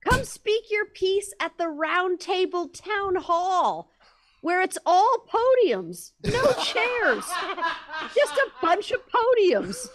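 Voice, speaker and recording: Woman doing a cheery female tour guide, high voice, unhurried, laughing through the pitch. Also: sing-song, heavily acted. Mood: chipper. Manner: upbeat sales pitch, laughing through lines. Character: chipper female tour guide of a libertarian fort.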